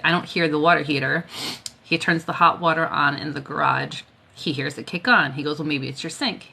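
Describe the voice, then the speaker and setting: A woman's voice: low voice, gravelly, sharp tone, breathy edge. A tired woman chatting casually on a live stream, telling stories and laughing often. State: tired, worn out. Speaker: Reiki healer hosting a live stream.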